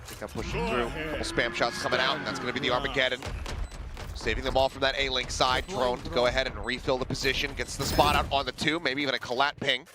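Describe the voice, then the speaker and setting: A man casting esports play-by-play, fast and rising to excited calls on big plays. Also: medium pitch, noisy background. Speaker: play-by-play caster. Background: game sound effects and music.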